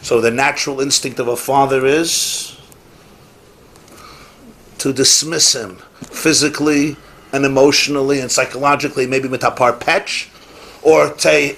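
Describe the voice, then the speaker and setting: A man's voice: medium pitch, fairly even intonation, unhurried, gravelly, long pauses, a bit bright. A rabbi giving a Torah class, emphatic and repeating his key phrases, with Yiddish and Hebrew words mixed in.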